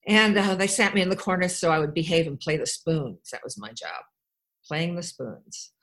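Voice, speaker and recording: A woman's voice: lowish voice, moderate pace, a bit bright, poor audio. A woman from Wisconsin telling her own life story to a group, candid and rambling, with wry asides and frequent restarts. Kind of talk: personal storytelling talk.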